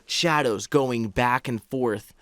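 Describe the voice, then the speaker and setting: A man in his twenties, a podcast host, telling a story in an animated, slangy way and calling people bro. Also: mid-range voice, slow, very noisy. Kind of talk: casual storytelling.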